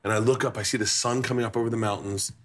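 A man in his forties hosting a cooking show, telling stories in a lively, joking way with some swearing. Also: mid-range voice, rapid-fire. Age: 40s. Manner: animated storyteller, swearing, laughing. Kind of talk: casual chat. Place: kitchen on a show set.

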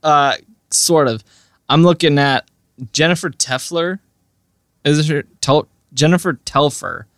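A man's voice: a little high, a little slow, long pauses, fairly bright tone, dry recording, studio quality. A young man co-hosting a podcast in casual chat, telling stories earnestly with many filler words. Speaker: podcast co-host.

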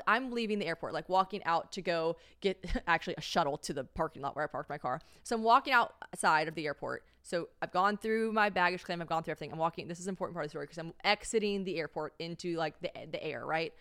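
Fast-talking, animated young woman. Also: clear, resonant tone. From United States. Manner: animated, acts out quoted voices in a high pitch. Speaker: podcast host. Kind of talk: casual chat, storytelling. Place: home.

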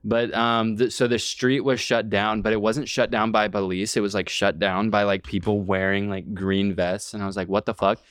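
Young male podcast co-host, lowish clean voice, loose rambling delivery full of fillers. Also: flat delivery, normal speed, hardly any pauses, fairly bright tone, clean tone, no room sound, clean studio sound. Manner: rambling, filler-heavy, swears. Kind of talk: casual chat.

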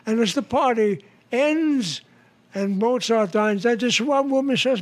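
Slow-talking joke-telling old man. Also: extremely high pitch, no room sound. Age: 90s. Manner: relaxed storyteller, laughs at his own punchlines. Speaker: interview guest, comedian. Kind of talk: telling jokes in an interview. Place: his home.

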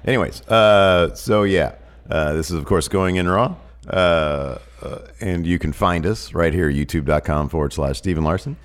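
A man with a very deep, low-pitched voice hosts a podcast while sick with a cold. He rambles, jokes and teases in a loose, casual chat. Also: normal speed. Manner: joking, teasing, rambling. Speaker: podcast co-host.

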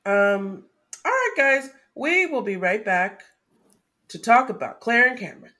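A woman's voice: a little high, very animated, a little slow, sharp tone. A woman co-hosting a podcast, talking things through in a casual, analytical way with some hesitant fillers. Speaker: podcast co-host. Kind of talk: casual recap chat.

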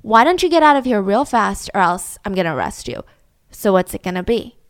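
A woman's voice: mid-range voice, very animated, a little fast, no room sound, studio quality. A woman playing a brash, blustering con man father. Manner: loud, blustering, boastful. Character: brash crude middle-aged male con man father.

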